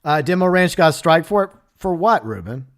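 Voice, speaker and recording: Smooth, slightly high-voiced man chatting. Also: animated, a little fast. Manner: chatty, laughs often, answers chat messages. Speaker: livestream host. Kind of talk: casual livestream chat.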